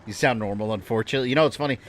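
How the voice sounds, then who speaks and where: A man's voice: medium pitch, racing, a little hiss or hum. Chatty, self-deprecating male game streamer. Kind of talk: casual livestream chat. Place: home desk setup.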